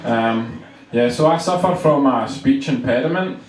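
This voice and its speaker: A young man with a Glaswegian Scottish accent, performing a quick, punchy stand-up routine on a club stage. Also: mid-range voice. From Scotland. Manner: quick, punchy delivery with comic voices. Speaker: stand-up comedian. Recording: roomy club sound from far off, audience noise.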